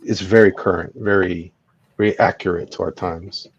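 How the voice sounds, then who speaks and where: A man's voice: sits low, steady tone, normal speed, lo-fi sound, slight background noise. A man in casual chat among friends, emphatic and jokey.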